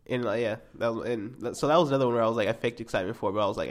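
Brief: young guy, quick rambling storyteller, laid-back self-mocking chat. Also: medium pitch. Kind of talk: casual chat.

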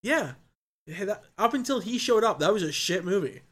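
A young man chats casually with a blunt, profane edge. His voice sits a bit high. He gets emphatic when he likes something. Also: lively intonation, moderate pace, slightly rough. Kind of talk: casual chat.

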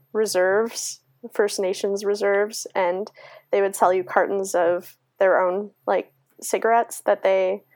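A woman's voice: medium pitch, vocal fry, a little mellow, no room sound. A Canadian woman with a congested, sick voice chats on a podcast, drifting into loose, giggly tangents. Her voice is dry and close, with no room sound around it. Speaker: podcast co-host. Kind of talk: casual chat.

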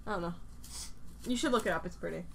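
A woman chats on a casual podcast with friends, blunt and fond of swearing. Her voice has a bright, forward edge. A faint background hiss sits under it. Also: on the low side, fast, gravelly. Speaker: podcast co-host. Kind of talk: casual chat.

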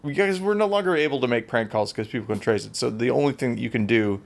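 A man's voice: medium pitch, fast, vocal fry, a little hiss or hum. A man co-hosting a podcast in casual chat, telling rambling self-deprecating stories full of fillers. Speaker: podcast co-host.

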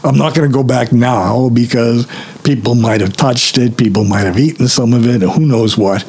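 A man's voice: medium pitch, moderate pace, a little mellow, husky. A man casually telling a rambling, self-mocking personal story, acting out the other people in it. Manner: rambling, self-mocking, acts out quoted voices. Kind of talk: personal anecdote told casually.

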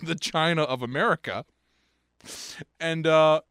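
A man's voice: a little high, measured pace, fairly bright tone, smooth, dry recording, studio quality. A man co-hosting a podcast in a loose, joking chat and laughing often. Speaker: podcast co-host. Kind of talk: casual chat.

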